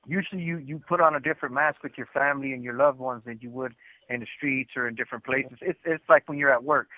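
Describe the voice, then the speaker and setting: A man's voice: medium pitch, dry recording. A man calling in from prison, talking frankly in casual chat and cussing freely. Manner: frank and streetwise, cusses freely. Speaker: incarcerated caller. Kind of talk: casual chat over a prison phone call. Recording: tinny prison phone line.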